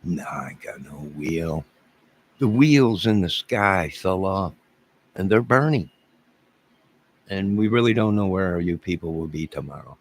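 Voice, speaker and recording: A man's voice: deep voice, lively intonation, a little slow, long pauses. A man around fifty ranting to his livestream chat, rambling and exasperated, repeating himself.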